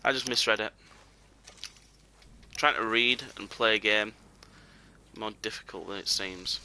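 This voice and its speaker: A man's voice: lowish voice, a little slow, bright, forceful tone, slight background noise. A young British man chatting casually and joking with viewers while he plays a game on a live stream.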